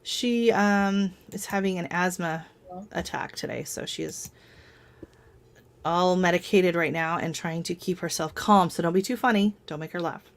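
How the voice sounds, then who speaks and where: A woman's voice: lowish voice, moderate pace. A woman hosting a casual live stream from home, chatting and telling rambling stories with frequent laughs.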